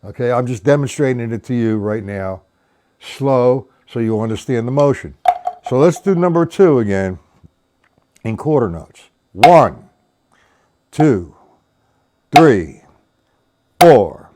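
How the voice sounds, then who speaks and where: A man's voice: medium pitch, expressive, moderate pace, background noise. A man teaching a live-streamed drum lesson, patiently explaining strokes and counting beats aloud, and encouraging viewers by name.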